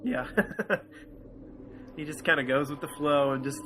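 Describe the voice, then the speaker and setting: A man's voice: on the high side, steady tone, a little slow, pushed and bright, a little hiss or hum. Enthusiastic man retelling scenes on a podcast. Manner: enthusiastic, retells scenes with quoted lines, laughs often. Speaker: podcast co-host. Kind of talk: casual review chat.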